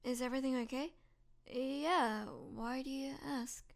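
A woman's voice: high voice, unhurried, gravelly. A woman voicing a starving vampire who is the listener's best friend, in an audio role-play. She pleads with strain, then turns coaxing and menacing. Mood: weary, subdued.

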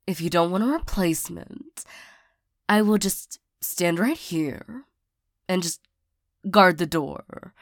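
A hurt young bodyguard and former lover, voiced by a woman in an audio role-play, speaking very slowly in a lowish voice. She stammers, restarts and sighs often. The recording is close and dry. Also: lively intonation, dry recording. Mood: awkward. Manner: halting, stammering, frequent sighs.

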